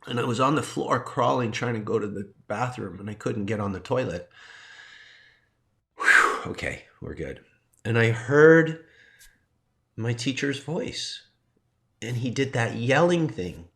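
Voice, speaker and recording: A man's voice: medium pitch, expressive. Choked-up man sharing heartfelt story. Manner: halting, heartfelt, pausing to compose himself. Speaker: teacher and coach. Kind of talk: emotional personal sharing.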